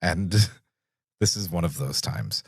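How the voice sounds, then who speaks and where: A man hosting a podcast, chatting casually in an animated, jokey way. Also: low voice, slow pace, vocal fry, breathy edge, no echo, studio quality. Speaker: podcast host. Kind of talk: casual chat.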